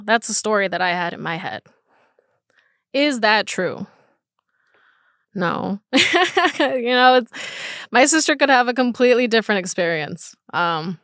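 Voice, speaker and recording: A woman's voice: medium pitch, a bit bright, smooth, no room sound, studio quality. A woman hosting her own podcast, telling a personal story in a candid, casual way, swearing often and restarting her sentences. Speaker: podcast host.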